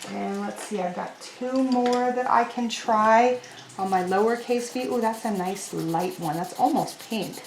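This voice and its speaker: A woman teaching a children's lesson, talking slowly and clearly in a sing-song teacher voice to young kids. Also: fairly high pitch, slight background noise. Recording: roomy echo.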